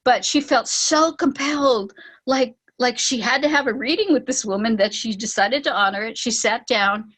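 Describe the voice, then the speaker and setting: A woman leading a spiritual online gathering, telling a story with lively acted-out quotes and laughs. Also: fairly high pitch, normal speed, poor audio. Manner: animated, acts out quoted voices with laughs. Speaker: spiritual teacher and ceremony leader. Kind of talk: storytelling talk on an online call.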